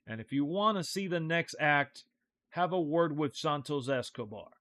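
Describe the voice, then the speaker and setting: A gritty, tough-talking hero speaks from a video game's story scenes, read aloud by a male streamer. The lines come clipped and hard-boiled, in a fairly high voice. The sound is dry and close. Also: lively intonation, moderate pace, a bit bright, dry recording. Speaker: streamer reading game dialogue aloud. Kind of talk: reading game text aloud in character.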